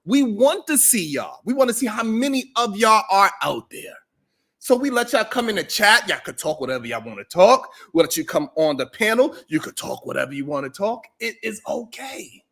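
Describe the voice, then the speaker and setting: Male livestream host with a high-pitched voice, joking and boastful, laughing often, casual monologue to his chat. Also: big pitch swings, moderate pace, a bit bright.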